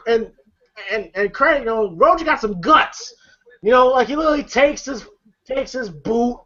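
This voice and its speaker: A man's voice: very high-pitched, lively intonation, normal speed, fairly bright tone, dull audio. Rambling casual movie-review host, man. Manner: rambling, lots of fillers and laughter. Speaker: podcast host, film reviewer. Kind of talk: casual chat, retelling a film.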